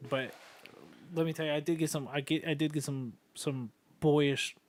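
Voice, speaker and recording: A young man in his twenties wanders from story to story in a loose, profanity-laced podcast chat. His voice sits a little higher than most men's. He talks with easy, offhand humor. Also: steady tone, moderate pace. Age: 20s. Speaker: podcast co-host. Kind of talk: casual chat.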